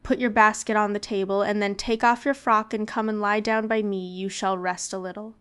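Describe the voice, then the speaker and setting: A woman voicing a sly, flattering male wolf in a storybook reading, coaxing and falsely friendly. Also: medium pitch, moderate pace, clean tone, natural voice.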